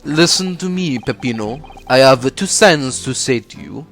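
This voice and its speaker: A man's voice: medium pitch, animated, unhurried, fairly bright tone, soft background music. A man voicing a pompous French nobleman and con man in a put-on French accent, grandiose and theatrical.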